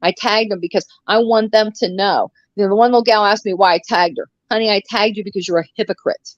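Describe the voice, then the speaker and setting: A woman's voice: mid-range voice, fast talker, no echo, highs cut off. A woman in her sixties co-hosting a live stream, ranting bluntly with profanity and sarcasm. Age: 60s. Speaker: co-host of a live commentary stream. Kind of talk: casual live-stream chat.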